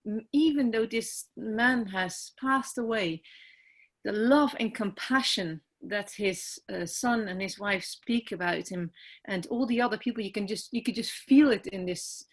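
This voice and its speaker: A Dutch woman with a Dutch accent, introducing herself on a video call, soft and hesitant, tearful and emotional. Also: mid-range voice. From Netherlands. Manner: soft, hesitant, halting with many ums. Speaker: team member on a group call.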